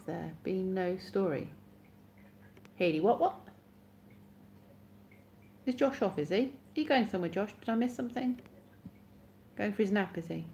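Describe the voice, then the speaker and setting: A woman's voice: medium pitch, animated, normal speed, long pauses, warm tone, a little hiss or hum. Sleepy, giggly woman chatting live. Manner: chatty, giggly, self-mocking. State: sleepy, yawning. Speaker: live stream host. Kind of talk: casual chat with live viewers.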